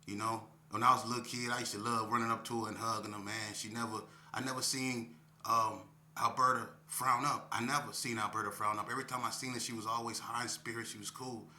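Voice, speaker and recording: A man in his fifties talking casually to the camera. He is reflective and unhurried, peppers his talk with "man," and speaks to viewers as y'all. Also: fairly low pitch, level tone, sharp tone, echoey room. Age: 50s. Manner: reflective, drawn-out, often ends phrases with "man" and addresses viewers as y'all. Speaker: vlogger.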